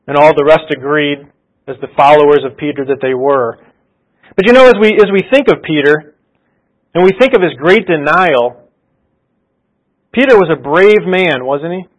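A man with a slightly higher voice preaches a relaxed, conversational sermon. He retells scripture like a story and often stops to ask his listeners rhetorical questions. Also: moderate pace, pauses often, poor audio.

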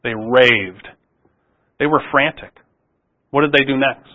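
A man's voice: medium pitch, measured pace, long pauses, dull audio. A man preaching a sermon in a conversational way, often restarting phrases and asking rhetorical questions.

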